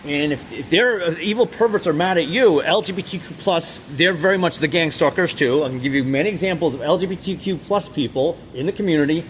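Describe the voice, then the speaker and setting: A man delivering an off-the-cuff monologue, his voice sitting on the higher side. He rambles and stumbles through restarts and fillers, pressing hard on his points, with a faint hum of background ambience. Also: fast, few pauses. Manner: intense, emphatic. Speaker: vlogger. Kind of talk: unscripted monologue.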